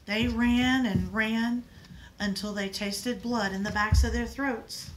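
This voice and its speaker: A woman reading a picture book aloud in an expressive, dramatic way. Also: a little high, takes it slowly, slight background noise, poor audio.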